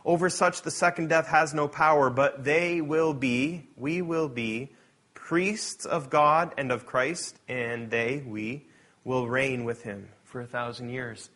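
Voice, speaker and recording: A man preaching a sermon, reading scripture aloud and moving between loud, emphatic passages and quiet asides. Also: mid-range voice, fairly even intonation, slow pace.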